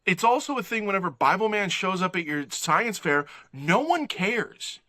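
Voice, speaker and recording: A man, a podcast guest, riffing in a casual comedic movie review and acting out lines from the film. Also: high voice. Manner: animated, mimics characters in quick asides.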